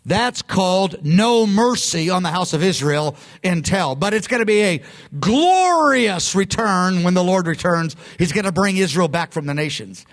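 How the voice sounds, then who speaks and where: His voice sits high and expressive as he preaches at a moderate pace. The sermon comes across as conversational and emphatic, with frequent restarts where he breaks off a thought and begins again.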